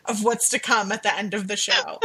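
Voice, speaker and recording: A woman co-hosting a casual podcast, joking and sarcastic as she chats. Her voice is bright and ringing, with a mid pitch. She sounds like she is in her thirties. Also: a little fast, slightly rough. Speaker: podcast co-host.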